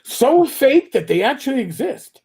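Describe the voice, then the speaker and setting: A man co-hosting a casual chat, who talks very slowly and haltingly. He keeps restarting his sentences as he works his way toward a point. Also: very high-pitched, big pitch swings, gravelly, darkish tone. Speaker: co-host.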